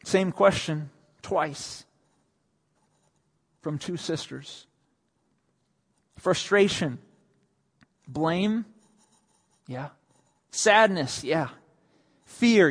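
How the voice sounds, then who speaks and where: A man preaches slowly and deliberately, with a fairly high voice for a man. His delivery climbs to emphatic heights, then drops to something quiet and close. The sound rings with the long reverb of a large hall. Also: breathy edge. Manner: rises to emphatic, raised delivery on quoted lines, then drops soft and low. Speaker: pastor. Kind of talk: sermon.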